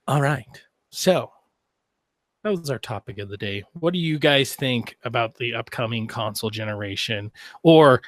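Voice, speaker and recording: A man's voice: mid-range voice, moderate pace, no room sound. A man co-hosting a casual gaming podcast, jokey and rambling, with playful asides. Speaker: podcast co-host.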